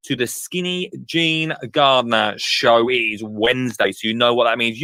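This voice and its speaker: A man's voice: mid-range voice, normal speed, hardly any pauses, pushed and bright, dry recording. A man hosting a live gardening call-in show, rambling and laughing at himself in casual chat. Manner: rambling, chuckling, self-mocking.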